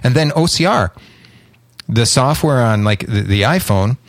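A man's voice: medium pitch, animated, unhurried, dry recording, studio quality. A man co-hosting a casual podcast, rambling and searching for words as he explains tech. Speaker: co-host. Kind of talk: casual chat.

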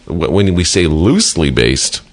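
A man's voice: sits low, big pitch swings, measured pace. A man co-hosting a morning show, chatting casually, teasing his partner and laughing often. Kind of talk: casual radio chat.

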